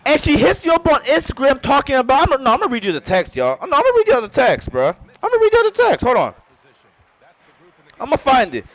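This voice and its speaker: A man with a high voice tells a casual storytime monologue. He is animated and profane and keeps tagging his sentences with "bro" and "right?". The sound is dry and close. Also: quick pace, no echo, poor audio. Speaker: storyteller vlogger.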